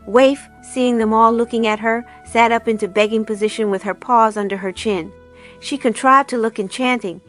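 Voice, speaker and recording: A woman narrating a storybook aloud in a calm, even storytelling manner. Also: a little high, normal speed, faint music behind. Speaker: reader. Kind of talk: audiobook narration.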